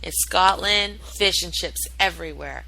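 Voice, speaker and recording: Low-pitched, gravelly and pushed yet bright, this woman talks a little slowly over slight background noise on a rough recording. The American host of her own internet radio show rambles solo, swearing, using lots of fillers and responding to listener chat.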